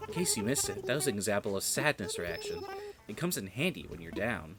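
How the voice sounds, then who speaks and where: A man's voice: on the low side, very animated, fairly quick, loud music behind the voice. A man streaming a game, giving casual, rambling commentary and joking with his viewers.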